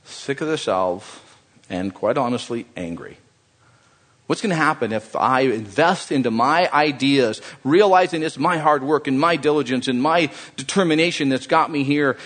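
A man preaching a sermon as pastor, animated and conversational, joking with his congregation. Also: on the high side.

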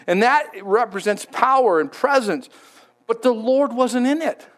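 High-voiced, conversational preacher. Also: male voice, expressive, a little slow. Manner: conversational, emphatic, repeats words. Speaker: pastor. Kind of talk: sermon.

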